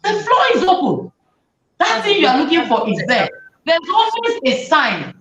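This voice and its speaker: A woman, hosting a talk show and giving lively advice to parents, often acting out what parents and children say. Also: high-pitched, normal speed, slight background noise. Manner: animated, acts out parents' and children's lines. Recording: roomy, distant, dull sound.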